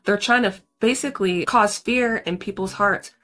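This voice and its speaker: A woman's voice: medium pitch, moderate pace, a bit bright. A woman with a mid-range voice gives a casual spoken movie recap as host. She is chatty and slangy and addresses her viewers directly.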